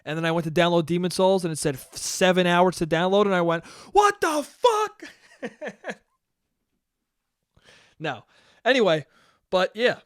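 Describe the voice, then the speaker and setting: Clear, high-voiced man telling a story. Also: a little fast, no room sound, studio quality. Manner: profane, self-mocking, laughs often. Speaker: podcast host. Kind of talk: casual solo storytelling podcast.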